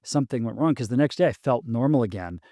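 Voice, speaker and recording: Male guest, 40s, halting storyteller, mid pitch, dry. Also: animated, warm tone, dry recording. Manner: halting, restarts often, many ums. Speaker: podcast guest. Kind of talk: casual storytelling conversation.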